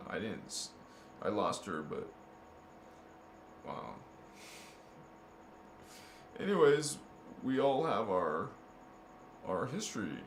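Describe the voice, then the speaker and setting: Speaking slowly with long pauses, this man has a low, very animated voice with vocal fry. He's a spiritual vlogger delivering a rambling, casual monologue to camera, often restarting and repeating himself for his viewers. Faint background noise and echo fill the room.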